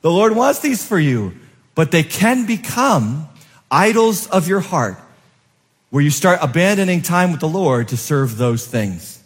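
A male pastor preaching a sermon to his congregation, rising to loud emphatic peaks and dropping to soft, low asides, often asking the room questions. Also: very animated, measured pace, breathy edge. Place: church sanctuary. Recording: long hall reverb.

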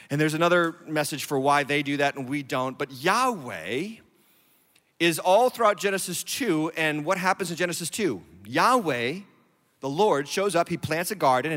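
A man's voice: on the high side, a bit bright, in a large hall. A male lead pastor giving a sermon to an online audience, emphatic and repeating key phrases for stress. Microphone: streamed online sermon.

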